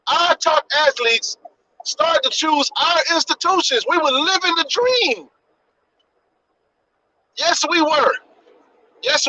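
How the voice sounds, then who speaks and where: A man hosting a podcast live stream, his voice pushed very high and sharp-edged as he rants with a preacher's repetition and plenty of swearing. The audio is dull and lo-fi, with faint background noise. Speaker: podcast host. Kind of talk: impassioned live-stream rant.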